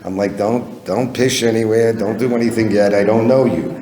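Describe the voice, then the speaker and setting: A man's voice: fairly low pitch, normal speed, dark tone. A man telling a personal story live on stage at a community event, talking conversationally and acting out the voices of people in his tale. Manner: conversational, acts out quoted voices in dialogue. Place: event hall with audience. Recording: roomy hall with long reverb.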